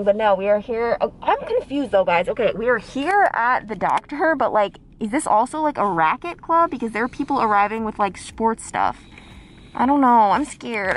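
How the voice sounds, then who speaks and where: A woman's voice: mid-range voice, lively intonation, a little fast, slight background noise. Young woman in her 20s vlogging, chatty, says like a lot, kinda dramatic. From Long Island, New York. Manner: chatty, lots of "like", frustrated and dramatic. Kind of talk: casual vlog chat to camera.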